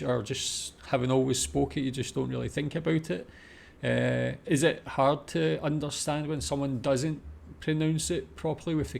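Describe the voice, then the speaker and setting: A man's voice: mid-range voice, gravelly, a little mellow, a little hiss or hum. A man casually commenting on a video he is watching, hesitant and full of fillers. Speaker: reaction video host.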